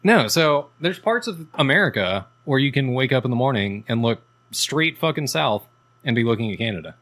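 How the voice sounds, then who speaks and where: Very animated yet at normal speed, this man's medium-pitched, somewhat bright voice carries rambling, profane tales punctuated by laughter, told while co-hosting a laid-back podcast.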